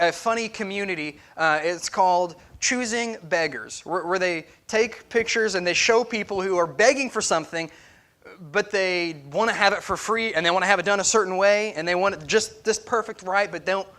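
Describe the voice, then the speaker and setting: A man preaching a conversational sermon as pastor, asking the congregation to follow along and acting out quoted speech with a rising, louder voice. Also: a little fast. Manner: acts out quoted speech with rising pitch and volume. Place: church sanctuary.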